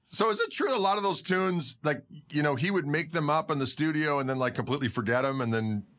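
A male host asks quick, searching questions, piling up fillers as he feels his way toward the point. His voice sits a little high for a man. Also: fairly bright tone. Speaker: interviewer host. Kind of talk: casual interview questions.

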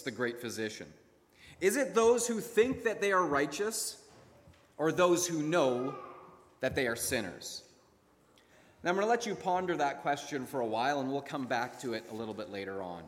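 A man preaches to his congregation in a measured sermon style, slipping into character voices when he tells a story. His voice sits a little high for a man. A long reverb trails behind his words. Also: big pitch swings, fairly bright tone. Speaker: pastor.

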